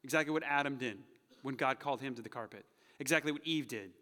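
A male pastor preaching a sermon, who acts out quoted voices with energy and then drops to soft, hushed moments. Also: on the high side, lively intonation, a little fast, long pauses. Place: church sanctuary. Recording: long hall reverb.

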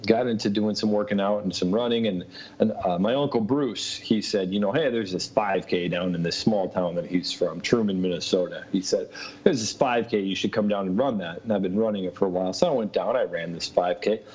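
A man's voice: on the low side, brisk, a little mellow, husky. Rambling man telling a story, muffled. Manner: rambling, laughs often, many fillers. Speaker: interview guest. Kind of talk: casual storytelling. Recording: muffled lo-fi sound.

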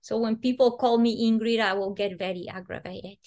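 Earnest woman guest, animated storytelling, slightly high voice. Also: a little fast. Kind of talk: personal storytelling in conversation.

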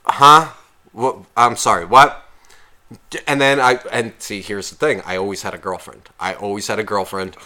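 This podcast co-host, once a bartender, has a lowish voice and talks at a moderate pace. Chatting casually, he spins profane, lively bar tales and ridicules people by putting on silly voices.

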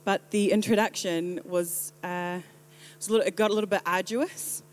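A woman's voice: medium pitch, moderate pace. Joking New Zealand woman preaching. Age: 30s. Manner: lively and joking, with playful impressions. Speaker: pastor. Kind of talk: sermon.

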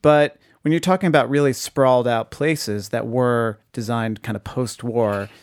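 A man's voice: medium pitch, fairly even intonation, normal speed, no room sound. A man from the Boston area co-hosting a podcast, chatting casually and with enthusiasm. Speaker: podcast co-host. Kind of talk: casual chat.

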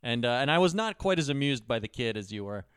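Man, podcast co-host, dry laid-back manner, animated pitch, dry sound. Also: fast, smooth, dry recording. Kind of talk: casual movie review chat.

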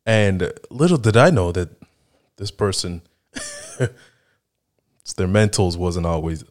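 A podcast host in his thirties from the Chicago area, United States, tells casual, rambling stories in a monologue, laughing often and sprinkling in "like" and "right?". His voice is fairly low, with huge pitch swings, and he takes his time.

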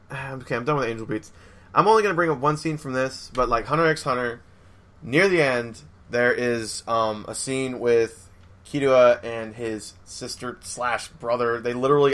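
A man's voice: medium pitch, fairly bright tone. A young man hosting a casual chat, rambling with lots of fillers and acted-out quotes.

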